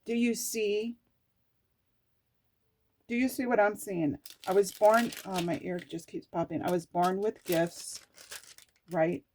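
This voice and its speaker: A woman's voice: medium pitch, steady tone, slow pace, long pauses, darkish tone, slight background noise. A woman vlogger reading scripture aloud and reacting with emotional spiritual exclamations.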